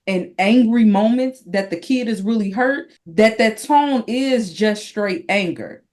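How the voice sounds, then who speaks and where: A middle-aged mother answering interview questions, thoughtful and halting. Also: mid-range voice, animated. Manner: thoughtful, halting, with fillers and soft laughs. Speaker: guest, mother.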